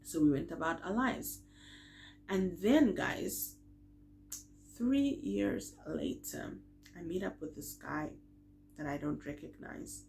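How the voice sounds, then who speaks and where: A tired woman tells a story to her viewers in a slightly low voice. She talks in a chatty way with lots of fillers and acts out the quoted lines, swinging from soft to loud. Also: lively intonation, slow pace, long pauses, a little hiss or hum. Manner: chatty, full of fillers like "like" and "you know". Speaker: vlogger. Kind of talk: casual storytime vlog.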